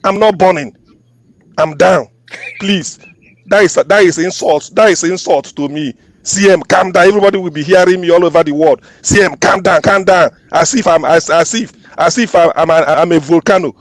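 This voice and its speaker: A man's voice: fairly high pitch, fairly quick, dry recording. A man speaking in a heated group discussion, indignant and insistent, repeating himself. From Nigeria. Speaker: discussion participant.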